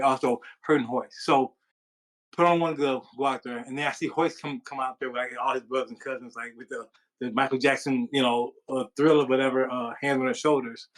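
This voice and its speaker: A man, a former boxer, telling stories in an interview with a rambling, animated manner and many fillers. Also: mid-range voice, poor audio. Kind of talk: storytelling interview.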